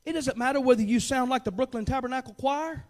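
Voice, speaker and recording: A pastor preaching a sermon in a church. He drops to quiet, joking asides and then builds to shouted, fervent peaks. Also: extremely high pitch, fast talker.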